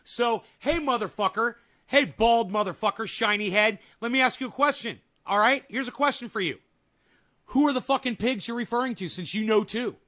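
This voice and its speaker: A man with a high, bright, sharp voice rants on a live stream. He swears constantly, mocks the clips he reacts to, and talks straight at his chat. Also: moderate pace. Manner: angry, mocking, swears heavily, talks to chat. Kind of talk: profane live-stream rant.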